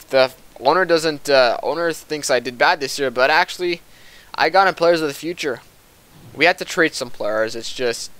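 Young man, gaming commentary, bright tense voice, ranting and swearing. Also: mid-range voice, clean tone. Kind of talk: casual gameplay commentary.

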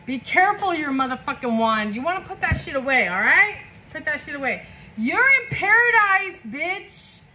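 A woman from California giving a casual tarot reading, excitable and heavily profane, often laughing. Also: sits high, moderate pace, poor audio. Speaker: tarot reader.

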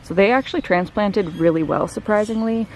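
A woman vlogger giving a relaxed, chatty tour of her backyard garden outdoors, talking to the camera as she walks around. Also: mid-range voice, brisk, slight background noise. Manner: chatty, relaxed, filler-heavy. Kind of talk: casual walk-through vlog.

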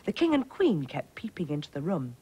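A woman presenting a schools programme, reading a storybook to young children in a gentle, clear, sing-song way. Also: low voice, huge pitch swings, a little fast, rough recording.

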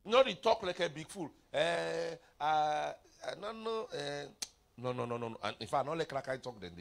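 A middle-aged man preaching a revival sermon, mixing pidgin into his English with sudden shouts and playful asides. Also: on the high side, expressive, moderate pace, gravelly.

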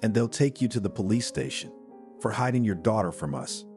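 A man's voice: lowish voice, animated, fairly quick, a little mellow, soft background music, lightly acted. A man voicing a pushy, arrogant school psychologist in a read-aloud story.

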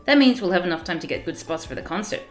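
A woman's voice: fairly low pitch, lively intonation, quick pace, roomy sound, soft background music, natural voice. A woman voicing a stern, bossy young woman in a visual novel, speaking in a scolding, matter-of-fact way. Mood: brisk.

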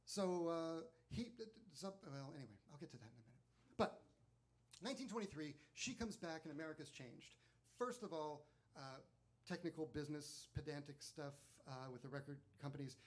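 A man's voice: on the high side, moderate pace. Chatty man telling a story. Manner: chatty, animated, frequent fillers. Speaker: speaker at a listening event. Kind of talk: storytelling talk to a live audience.

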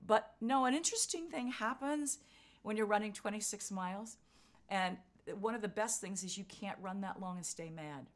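A woman's voice: medium pitch, moderate pace. Older woman telling a vivid story. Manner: vivid storyteller acting out quotes. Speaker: interviewee, marathon runner. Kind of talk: storytelling interview.

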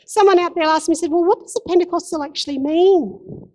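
Female pastor, high-pitched, impassioned church sermon delivery. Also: brisk, darkish tone, low-quality recording. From Australia. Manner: impassioned, emphatic repetition.

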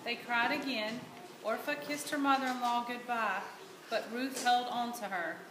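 A woman with a Southern American accent reads a Bible story aloud in church as a volunteer, her voice slightly high and her speed normal. She narrates the scripture in a plain, steady storytelling way. The recording carries hiss and the echo of the church room.

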